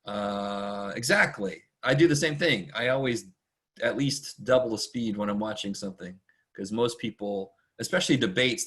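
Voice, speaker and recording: A man with a fairly low voice gives a casual online math lecture. He rambles and chats with his students, often talks quickly, and pokes fun at himself. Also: fairly bright tone. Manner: chatty, rambling and self-deprecating; talks fast much of the time. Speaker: math instructor.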